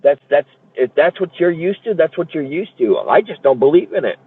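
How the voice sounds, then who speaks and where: A man's voice: on the high side, very animated, moderate pace, husky. A man ranting in a heated, profane and repetitive way, as if streaming a monologue. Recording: tinny phone-like dry audio.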